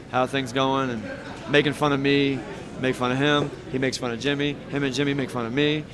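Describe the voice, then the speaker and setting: A man, a professional wrestler, telling rambling, heartfelt stories with laughs between them in a casual interview. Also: mid-range voice.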